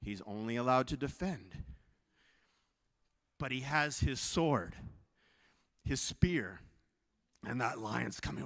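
A man pastor telling a story in a sermon, animated, swinging from hushed to loud, in a church sanctuary. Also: mid-range voice, takes it slowly, creaky, long pauses. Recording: reverberant church hall.

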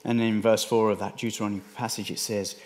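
A man with an English accent, a pastor delivering a sermon in a conversational way, often dropping his voice low for emphasis. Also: flat delivery, fast. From England. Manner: conversational, restarts phrases, dips quiet for emphasis.

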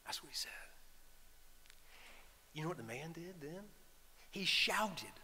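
A man, a priest preaching a sermon, telling the story in a lively way and talking straight to the congregation. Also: on the high side, slow, a little hiss or hum. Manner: animated storytelling with asides to the congregation. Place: church. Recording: long church reverb.

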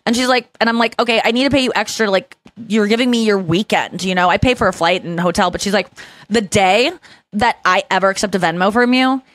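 A young adult woman hosting a podcast, telling animated stories in casual chat and acting out what others said. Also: medium pitch, quick pace, no room sound. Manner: animated storytelling, acts out quoted voices. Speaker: podcast host.

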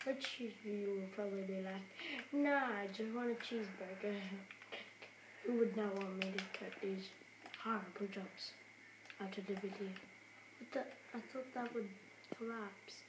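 A woman's voice: mid-range voice, steady tone, normal speed. A young woman giving casual, rambling, giggly gameplay commentary with self-mocking jokes. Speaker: gamer. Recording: echoey room with clear background noise.

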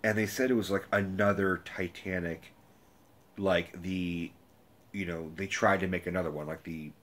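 A young man giving a rambling, profane movie review rant, casual and animated. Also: low voice, slightly rough.

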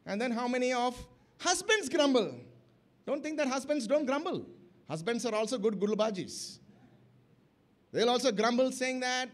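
High-voiced preacher, emphatic. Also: male voice. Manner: emphatic, with rising and falling bursts of loudness; asks the congregation questions. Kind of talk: sermon. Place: church camp gathering.

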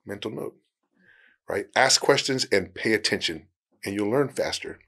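A man with a very deep, low-pitched voice talks in a relaxed interview. He hands out career tips in an easygoing way, often laughing and slipping into quick acted-out exchanges. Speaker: actor, podcast guest. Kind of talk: casual interview advice.

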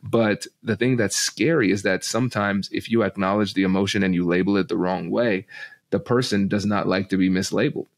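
A man who is a negotiation expert, explaining ideas as a podcast guest in an animated, teacher-like way. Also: sits low, a little fast.

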